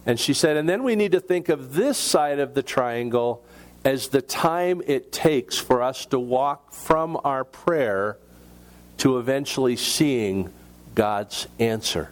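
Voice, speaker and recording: A male pastor delivering a sermon at an unhurried pace. He speaks in a mid-range voice. He sets his phrases apart with measured pauses. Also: mid-range voice, expressive. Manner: slow, deliberate preaching with measured pauses.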